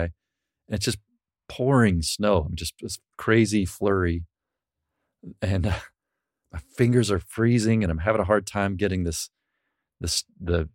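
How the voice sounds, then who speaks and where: A man's voice: low voice, no echo, studio quality. A man hosting a podcast, telling loose stories in casual talk and swearing now and then. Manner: loose storytelling, swears, laughs easily. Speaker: podcast host. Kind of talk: casual chat.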